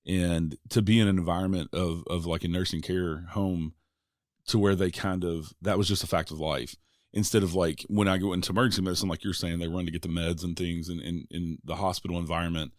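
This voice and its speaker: A man with a very low voice hosts a podcast, chatting in a relaxed way full of "like"s and "uh"s. His voice sits close to the mic in a dry, dead space. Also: fairly quick, no room sound. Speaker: podcast host. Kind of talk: casual podcast conversation.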